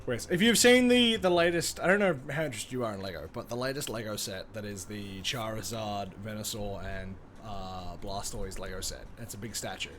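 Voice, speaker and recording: His voice sits lowish and moves a little fast with hardly any pauses, over a faint hiss or hum. The young Australian games while talking casually to his stream viewers, animated, full of jokes, and freely swearing.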